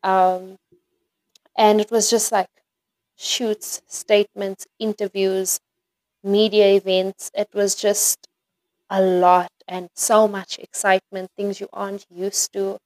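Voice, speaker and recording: A woman's voice: mid-range voice, little pitch movement, slow, a little mellow, no echo, rough recording. A young woman from South Africa, a podcast guest, chatting casually with lots of "like" and "um" and frequent giggles. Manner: giggly, chatty, many fillers like "like" and "um". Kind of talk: casual interview chat.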